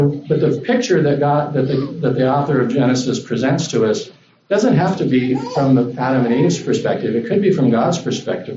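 A man preaching a sermon to a congregation as a visiting speaker, in a relaxed, conversational way that rises when he voices the lines he quotes. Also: medium pitch, reverberant, recorded from a distance, highs cut off, slight background noise. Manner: conversational, animated when voicing God. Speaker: guest preacher.

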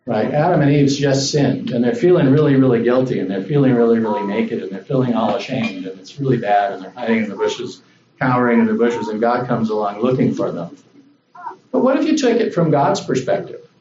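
A man preaching a sermon to a congregation as a visiting speaker, in a relaxed, conversational way that rises when he voices the lines he quotes. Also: mid-range voice, a little fast, reverberant, recorded from a distance, muffled recording, background noise. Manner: conversational, animated when voicing God. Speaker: guest preacher.

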